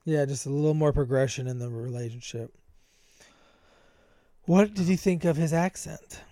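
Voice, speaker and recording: A man's voice: fairly high pitch, dark tone, no echo. A man co-hosting a podcast in casual chat, asking follow-up questions and chiming in. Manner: quick interjections and follow-up questions. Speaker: podcast co-host.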